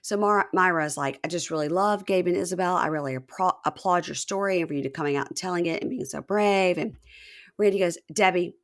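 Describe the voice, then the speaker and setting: A woman with a fairly low voice hosts a casual chat. She recaps a show with energy and jumps her pitch up to act out what people said. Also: a little fast. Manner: animated, acts out quotes with raised pitch. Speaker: podcast host.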